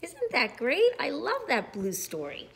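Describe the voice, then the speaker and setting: A woman reading a picture book aloud to children in a slow, animated, sing-song way. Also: high voice, vocal fry.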